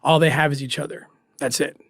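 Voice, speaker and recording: Earnest man telling a story, halting with emotion. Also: on the high side, fairly even intonation, fairly bright tone, slightly rough, no echo, clean studio sound. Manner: earnest, halting, restarts when moved. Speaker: guest recounting undercover work.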